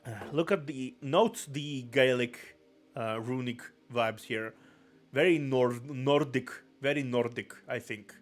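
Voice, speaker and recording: A man's voice: mid-range voice, takes it slowly, faint music behind. A man streaming live, giving casual, rambling commentary and often repeating his own phrases.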